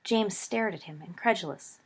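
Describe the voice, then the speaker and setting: A woman with a husky, breathy voice reads a story aloud, sitting at a middle pitch for a woman. She narrates with expressive storytelling and slips into character voices for the dialogue. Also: moderate pace. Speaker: audiobook narrator. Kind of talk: storytelling read-aloud of fan fiction.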